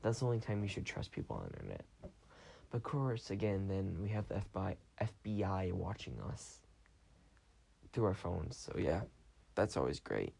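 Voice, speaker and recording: Tired, gravelly young man rambling casually. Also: deep voice, big pitch swings, normal speed, a little mellow. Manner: chatty, rambling, self-correcting. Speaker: podcast host.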